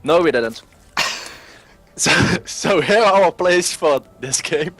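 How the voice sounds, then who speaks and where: A man's voice: fairly high pitch, expressive, takes it slowly, fairly bright tone. A man co-casting a strategy game match in an easygoing, joking way. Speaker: co-caster. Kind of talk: casual esports commentary.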